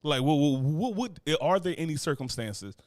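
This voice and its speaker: A man's voice: fairly high pitch, moderate pace, dry recording. Guy cohosting a chill podcast, cussing and joking, dry close mic. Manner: profane, animated, joking, reads chat aloud. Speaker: podcast co-host. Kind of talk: casual chat.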